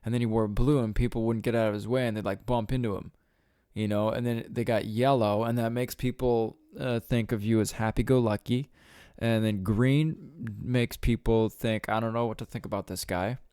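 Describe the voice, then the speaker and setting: Man, low smooth voice, dry close sound, rambling podcast rant, casual swearing. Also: steady tone, normal speed, warm tone, dry recording. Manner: rambling, swears often, laughs at own jokes. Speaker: podcast host.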